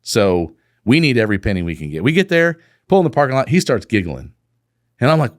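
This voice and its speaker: A man's voice: medium pitch, fairly quick, no echo, studio quality. A man, a company co-founder, telling a business story in a casual interview, laughing and acting out the dialogue. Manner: animated, laughing, acts out quoted dialogue.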